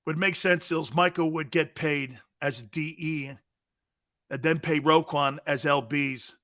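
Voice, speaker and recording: Brash guy hosting sports talk, bright forceful voice, takes his time, lots of laughing. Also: on the high side, fairly even intonation, unhurried. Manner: brash, loud, laughs often, swears, answers chat comments. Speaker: sports talk show host. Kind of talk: casual sports radio chat.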